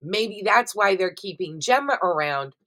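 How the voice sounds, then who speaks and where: A woman's voice: mid-range voice, unhurried. A middle-aged woman vlogger, chatting casually and expressively to her viewers about what she has been watching, swearing freely as she goes. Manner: chatty, expressive and profane, addresses viewers directly. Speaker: vlogger reviewing TV shows. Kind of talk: casual chatty recap vlog.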